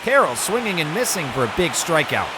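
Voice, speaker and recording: A gaming YouTuber narrates his own video game baseball season, flipping between broadcaster-style play calls and muttered asides. His voice sits on the high side, sing-song and brisk, with noise in the background.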